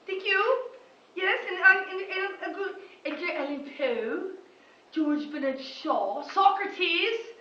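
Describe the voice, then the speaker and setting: Excitable rambling woman, teacher vlog, distant mic, dull lo-fi sound with faint hiss. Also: very high-pitched, moderate pace, reverberant. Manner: excitable, rambling, laughs often.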